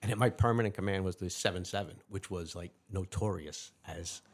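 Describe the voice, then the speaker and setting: A man, a retired police lieutenant telling animated anecdotes as an interview guest, acting out the other people's lines as he goes. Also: low voice. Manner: animated anecdotes with quick quoted dialogue. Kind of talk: casual storytelling interview.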